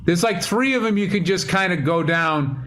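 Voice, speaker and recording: A man's voice: sits high, moderate pace, fairly bright tone. A man on a video call talking in a reflective, rambling, profane casual chat. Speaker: podcast host.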